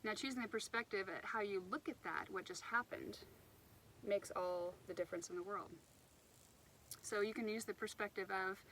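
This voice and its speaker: Outdoors by the water, a woman gives an unscripted motivational talk as a self-help speaker, rambling a bit and restarting sentences. Her mid-range voice is steady and fairly bright at a normal speed. The recording is low quality, with slight background noise.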